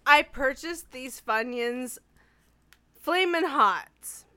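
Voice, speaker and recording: A woman's voice: high-pitched, animated, very slow, sharp tone. A young woman co-hosting a comedy podcast, tipsy and hiccuping, rambling and giggly in casual chat. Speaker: podcast co-host.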